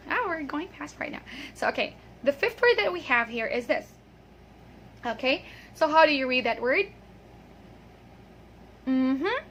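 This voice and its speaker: A woman with a high voice leads a pronunciation lesson, drilling one word at a time. Her tone is bright and clear. She repeats words slowly so the listener can copy them. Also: a little hiss or hum. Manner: patient, drills words and checks with "okay?". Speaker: English pronunciation teacher.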